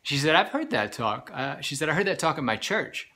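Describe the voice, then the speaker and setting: A man giving an earnest, halting personal health update while recovering from serious illness, with many pauses and restarts. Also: a little high, very animated, pushed and bright. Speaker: vlogger sharing a health update. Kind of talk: personal storytelling.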